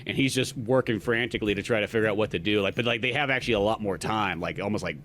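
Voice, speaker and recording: A man's voice: lowish voice, fast talker, slight background noise. A man co-hosting a podcast, chatting casually about comics with a joking, profane manner. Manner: joking, profane, animated storyteller. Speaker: podcast co-host. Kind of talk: casual film review chat.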